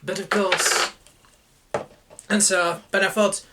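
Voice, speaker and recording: Slow, halting man chatting. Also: sits high, little pitch movement, background noise. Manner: slow and halting, many fillers, chuckles often. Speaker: vlogger. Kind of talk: casual chat to camera over lunch. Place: home.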